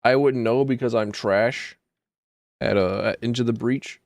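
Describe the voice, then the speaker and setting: Low-voiced man chatting on a game stream. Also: steady tone, measured pace, creaky, dry recording, clean studio sound. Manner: rambling, self-deprecating, jokey asides. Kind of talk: casual gaming stream chat.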